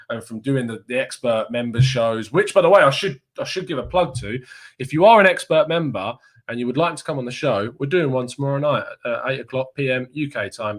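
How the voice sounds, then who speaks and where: A young man from Kent with a southeast English accent, hosting a casual live stream and reading viewer comments aloud with frequent laughs. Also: mid-range voice. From Kent, England. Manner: chatty, laughs often, reads comments aloud. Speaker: fan channel host reading live chat.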